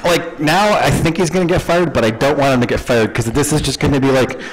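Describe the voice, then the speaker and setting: A man co-hosting a casual sports podcast, telling stories in an animated way, full of fillers and laughing at his own jokes. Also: mid-range voice, a little fast, poor audio. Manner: animated storytelling, lots of fillers and giggles. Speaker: podcast co-host. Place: live event space with audience.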